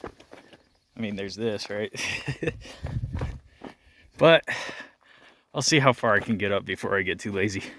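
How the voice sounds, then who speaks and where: A man's voice: on the low side, a little slow, pauses often, a bit bright, a little hiss or hum. A young man telling a story while hiking outdoors on a rocky trail, laughing often and out of breath. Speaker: vlogger. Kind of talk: casual storytelling vlog.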